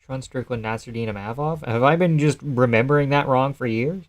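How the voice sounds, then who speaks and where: A man's voice: medium pitch, fairly quick. Man rambling casually on a live stream. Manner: loose, rambling, profane, answers chat messages. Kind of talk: casual live-stream chat reacting to a fight card.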